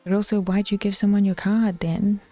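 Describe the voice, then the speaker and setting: A woman with a New Zealand accent chatting casually with her viewers as a Twitch streamer, bluntly teasing and slipping into soft whispered asides. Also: medium pitch, level tone, moderate pace, no room sound, faint music behind.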